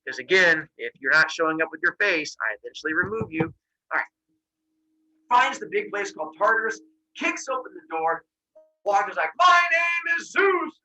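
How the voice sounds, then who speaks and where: Lively husky-voiced storyteller man. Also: fairly high pitch, soft background music, low-quality recording. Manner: lively, quick scene-setting. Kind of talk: animated storytelling for kids. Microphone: video call.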